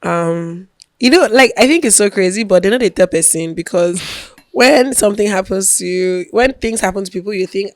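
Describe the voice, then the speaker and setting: A young Nigerian woman co-hosts a relaxed podcast chat, talking freely and dropping in pidgin phrases. Her voice sits at a middle pitch and is recorded dry, with little room sound. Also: fairly quick, dry recording. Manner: lively, mixes in pidgin slang. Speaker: podcast co-host. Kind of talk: casual chat.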